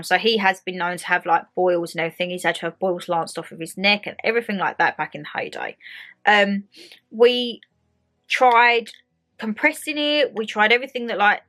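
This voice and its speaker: A woman's voice: medium pitch, a little fast. Chatty young woman with an Essex accent. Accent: Essex English. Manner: chatty, animated storytelling with acted quotes. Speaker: vlogger. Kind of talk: casual chat to camera. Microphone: handheld phone camera.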